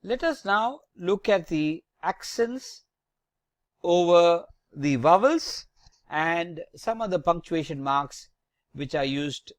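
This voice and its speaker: A very slow, deliberate teacher taking learners through the French alphabet letter by letter, stopping to correct and explain each sound. The voice moves up and down a lot as letters are drawn out. It is recorded close and dry, with no room sound. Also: medium pitch, no echo. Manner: deliberate, spells out letters one by one with corrective tips. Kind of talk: slow alphabet pronunciation lesson.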